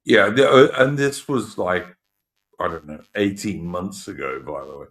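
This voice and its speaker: A man hosting a casual live-stream chat, speaking haltingly and repeating words as he reads the chat aloud. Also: sits low, a bit bright. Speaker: host.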